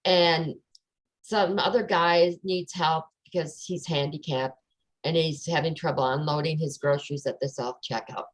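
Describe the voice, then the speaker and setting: Lively woman telling a story. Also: sits low, moderate pace, low-quality recording. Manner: animated storyteller, acts out quoted dialogue. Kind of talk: casual chat, personal story.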